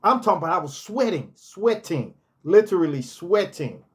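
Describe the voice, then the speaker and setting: A man's voice: high-pitched, very animated, moderate pace, breathy edge. A man casually telling personal stories from his hotel job, repeating key phrases for emphasis. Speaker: storyteller, former hotel manager.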